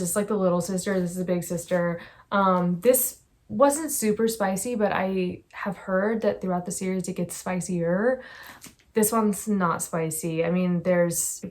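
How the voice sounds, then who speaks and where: A young woman chatting casually about her favorite books, gushing and rambling with effusive enthusiasm. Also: mid-range voice. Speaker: book vlogger. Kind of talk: casual book review chat.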